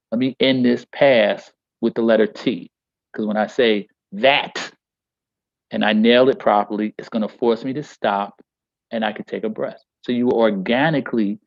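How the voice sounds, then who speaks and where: A man's voice: lowish voice, dry recording, highs cut off. A man teaching a poetry workshop on a video call. He speaks emphatically and rhythmically, stretching key phrases and often checking in with "all right?".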